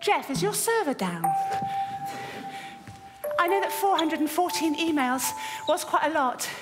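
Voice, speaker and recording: A lonely, awkward woman chasing an online date, her voice very high and her eager, rambling talk coming in fits and starts. The line rings through a theatre stage with a long reverb. Music plays clearly behind her. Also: animated, measured pace. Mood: anxious, pleading. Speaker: stage performer. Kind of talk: dance theatre monologue. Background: music score.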